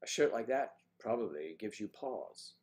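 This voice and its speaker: An older man hosts a relaxed morning livestream in a slightly low voice. He chats playfully and greets viewers by name as he reads their comments. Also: moderate pace. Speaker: livestream host. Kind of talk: casual livestream chat reading viewer comments.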